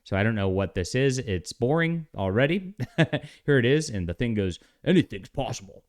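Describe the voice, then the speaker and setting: A man's voice: mid-range voice, moderate pace. Sarcastic man ranting about comics. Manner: animated, sarcastic, laughing often. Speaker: vlogger and comic book author. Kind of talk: comic book commentary vlog.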